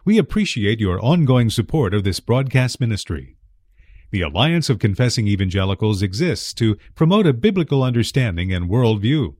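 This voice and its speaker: A man reading a scripted radio ministry outro in a smooth announcer manner. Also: lowish voice, very animated, normal speed, a little mellow, dry recording, studio quality.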